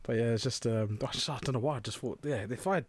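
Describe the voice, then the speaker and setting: A young man co-hosting a podcast, telling stories in a lively casual way, swearing and calling his friend "mate". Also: mid-range voice, fast, husky. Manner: animated storyteller, swears, says "mate". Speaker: podcast co-host. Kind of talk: casual chat.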